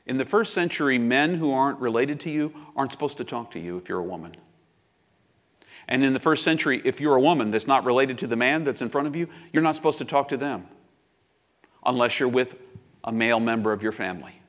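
A man's voice: medium pitch, expressive, fast. A man in his fifties preaching a sermon as pastor, reflective and confessional, with personal asides.

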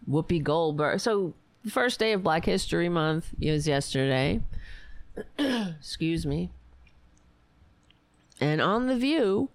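Hosting a political livestream, a woman reads headlines and offers casual, opinionated commentary in a wry, meandering style. Her low voice is hoarse and raspy after a long show, with no room sound.

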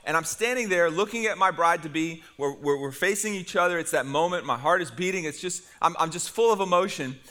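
A middle-aged man preaching to his congregation, telling a funny story with energy. His voice sits high and rings out bright and forceful. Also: a little fast, few pauses. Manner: animated storytelling with humor. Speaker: pastor. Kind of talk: sermon.

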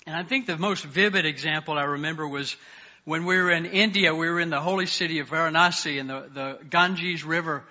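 Male pastor, earnest sermon delivery, bright and piercing tone, soft on the prayers. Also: a little high, steady tone, brisk, dull audio. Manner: earnest, varies loudness, drops soft on prayers. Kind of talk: sermon with scripture reading.

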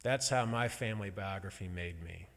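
A man giving a personal sermon in a slow, halting, emotional storytelling way, pausing often. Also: sits low, fairly bright tone. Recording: long hall reverb.

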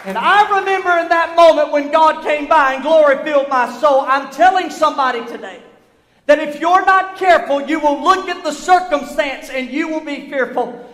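A middle-aged man, preaching a sermon in a church, building from storytelling to fervent shouts. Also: very high voice, normal speed. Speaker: pastor. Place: church sanctuary. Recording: echoey church hall.

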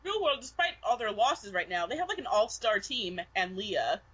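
A young woman co-hosting a podcast, chiming in with quick casual asides. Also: mid-range voice, very animated, a bit bright, slightly rough. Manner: brief interjections, quick asides. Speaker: podcast co-host. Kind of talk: casual chat. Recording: dull lo-fi mic.

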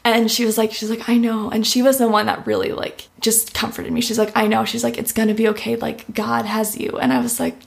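A young woman speaks as an interview guest, sharing a heartfelt personal testimony full of "like" fillers. Her voice sits a little high with little pitch movement, and she talks briskly in a gravelly tone with hardly any pauses.

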